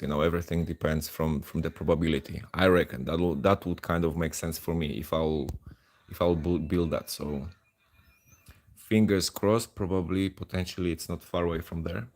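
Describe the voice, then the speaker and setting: A man from Poland chatting casually and self-deprecatingly as he streams live gameplay of a mobile game. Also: low-pitched.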